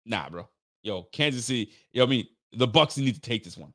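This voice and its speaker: A man's voice: medium pitch, expressive, fast talker, fairly bright tone, no echo. A man in the middle of his own range hosts a live post-game stream, hyped and rambling, throwing trash talk at the rivals. He sounds tired and talks into a close mic in a dry, dead room. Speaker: sports fan channel host.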